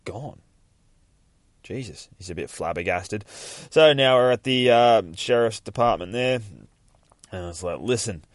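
A man's voice: lowish voice, animated, normal speed, no room sound, studio quality. A man hosting a podcast, retelling a comic book in a rambling, profane, jokey way. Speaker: podcast host.

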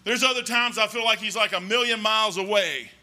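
A man's voice: sits high, a little fast, bright, forceful tone. A man preaching a folksy, rambling sermon in a church, talking emphatically and conversationally.

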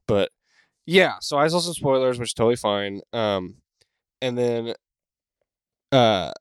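A man's voice: mid-range voice, measured pace, smooth, dry recording. A man co-hosting a casual podcast from home, talking in a rambling, easygoing way with many fillers. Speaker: podcast co-host. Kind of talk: casual chat. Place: home room.

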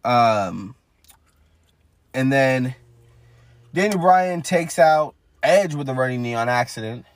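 A man's voice: medium pitch, lively intonation, slow pace, no room sound. A man co-hosting a casual wrestling podcast, recapping matches blow by blow with many fillers. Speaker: podcast co-host.

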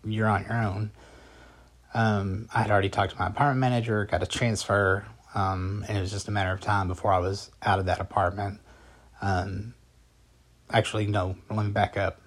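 A man casually telling a personal story as a vlogger, rambling and conversational with a calm, matter-of-fact delivery. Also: lowish voice, brisk. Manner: rambling and conversational, with frequent fillers and restarts.

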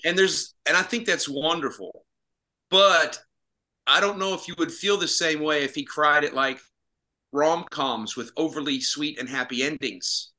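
A man's voice: on the high side, measured pace, bright, forceful tone. A man co-hosting a podcast, teasing wryly and searching for words as he talks. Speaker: podcast co-host. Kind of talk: casual podcast chat.

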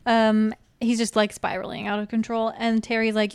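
A woman's voice: on the high side, monotone, moderate pace, darkish tone, clean tone, dry recording. A young woman in casual podcast chat, retelling a movie plot with quoted lines and frequent laughs. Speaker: podcast co-host. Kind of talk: casual film recap chat.

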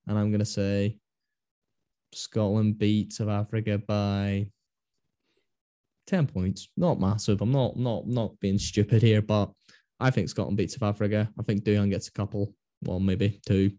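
A man's voice: on the low side, flat delivery, a little slow, warm tone, no room sound, clean studio sound. A man hosting a casual rugby podcast, telling rambling stories. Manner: chatty, rambling storyteller. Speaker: podcast host.

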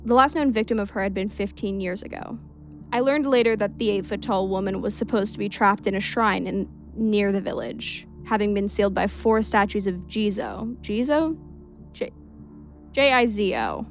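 A woman narrates a spooky first-person tale in an even, mid-pitched voice. She keeps a steady storytelling pace and drops into relaxed asides now and then. Soft music plays quietly underneath. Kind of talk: reading a creepy story aloud.

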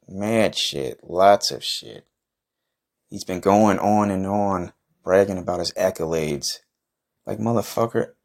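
A man doing a comedic trash-talk monologue as a boastful, profane wrestler persona. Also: deep voice. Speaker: podcast host in a comic wrestler persona.

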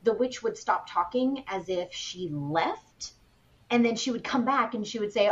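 A woman co-hosting a podcast, retelling a spooky story in a casual, animated way with plenty of fillers. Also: mid-range voice, unhurried, lo-fi sound. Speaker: podcast co-host.

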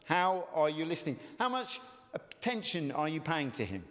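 A man's voice: fairly high pitch, sing-song, moderate pace, a bit bright, in a large hall. A man preaching a sermon as a pastor, earnest and conversational, asking his listeners repeated questions. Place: church.

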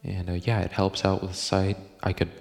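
A man's voice: deep voice, completely flat delivery, brisk, creaky, long reverb tail, faint music behind. A man hosting a casual podcast from home, rambling and joking with lots of profanity and laughter. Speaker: podcast host. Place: home room.

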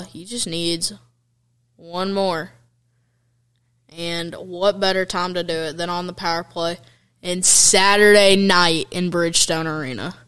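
Excitable young man recapping hockey highlights. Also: smooth. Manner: excitable, chatty, fan-like, with slang and fillers. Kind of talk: casual recap commentary.

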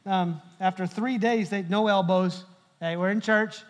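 A man's voice: high-pitched, steady tone, measured pace. A middle-aged male pastor giving a humorous sermon, telling stories and joking with the congregation. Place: large church hall. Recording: long hall reverb.

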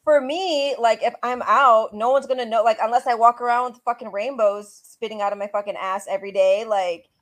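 A woman's voice: a little high, fairly even intonation, brisk, hardly any pauses. A young adult woman co-hosting a casual chat, gossipy and full of "like" fillers. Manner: chatty, gossipy, filler-heavy. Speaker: co-host.

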